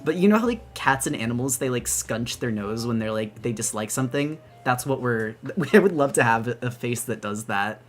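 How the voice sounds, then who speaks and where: A young woman chatting excitedly on her debut live stream, bubbly and gushing, rambling with lots of restarts. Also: a bass voice, normal speed, hardly any pauses, soft background music. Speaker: VTuber streamer.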